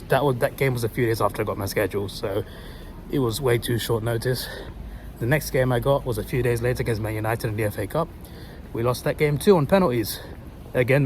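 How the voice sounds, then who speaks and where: A man's voice: medium pitch, darkish tone. A young man chatting casually to his phone, rambling and correcting himself as he tells a story. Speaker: vlogger. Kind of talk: casual chat. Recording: noisy street with traffic. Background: passing cars and urban street noise.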